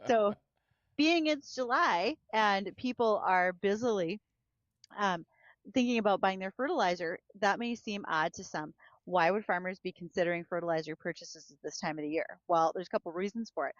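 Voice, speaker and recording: A woman's voice: mid-range voice, normal speed, no echo, lo-fi sound. Chatty Midwestern woman, dry studio sound. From North Dakota. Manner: chatty, laughs easily, storytelling. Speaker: agriculture director and co-host. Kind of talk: casual on-air chat and farm market report. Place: broadcast studio.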